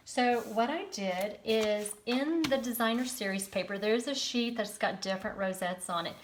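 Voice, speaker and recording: A woman's voice: a little high, slight background noise. A woman leading a live card-making tutorial, chatty and encouraging, greeting viewers by name.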